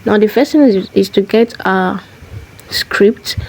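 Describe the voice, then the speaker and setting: A woman's voice: medium pitch, slow, a little mellow, breathy edge, poor audio. A woman hosting a screen tutorial, walking through each step methodically and repeating key phrases as she goes. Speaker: tutorial host.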